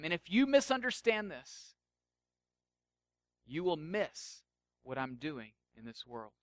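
Bright-voiced man preaching a sermon. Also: very high-pitched, expressive, moderate pace, no echo. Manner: conversational, jokey, drops to soft intensity. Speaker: pastor.

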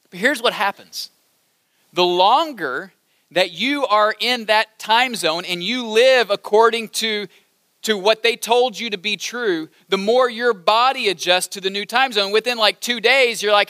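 High bright-voiced male preacher. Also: moderate pace, dry recording, clean studio sound. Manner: animated, repeats phrases, leads audience call-and-response. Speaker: campus ministry preacher. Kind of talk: sermon. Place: large hall with balcony.

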